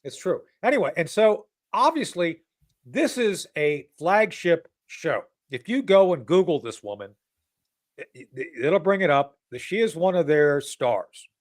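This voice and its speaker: A man's voice: a little high, very animated, a little slow. A man hosting a casual political talk show. He rambles and mocks, with many restarts and asides.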